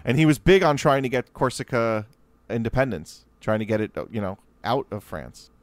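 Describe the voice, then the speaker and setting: A man's voice: mid-range voice, lively intonation, moderate pace, no echo. Chatty man with a dry close sound. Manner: chatty, laughs often, many restarts. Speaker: podcast host. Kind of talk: casual history chat.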